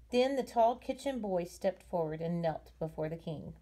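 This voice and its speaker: A woman reading a storybook aloud to students, unhurried and gentle, with small slips. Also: medium pitch.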